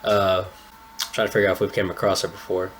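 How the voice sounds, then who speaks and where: A man's voice: sits low, little pitch movement, fast talker. A young man hosting a casual anime reaction, chatting in laid-back slang with a slightly stuffy nose. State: a little stuffy-nosed. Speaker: anime reaction channel host.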